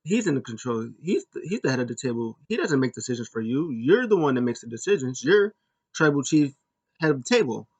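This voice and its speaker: A man's voice: big pitch swings, a little fast, darkish tone, slightly rough, dull audio. A man doing an impression of a wrestling manager, repeating himself insistently in a raised voice. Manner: raised pitch, insistent repetition. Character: impression of a fast-talking male wrestling manager, pleading.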